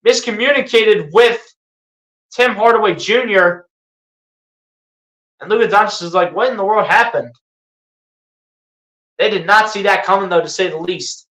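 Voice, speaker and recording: A live fan play-by-play commentator calling a basketball game, excitable, sliding into sarcastic rants and pleading asides. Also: mid-range voice, moderate pace, pauses often, echoey room, low-quality recording.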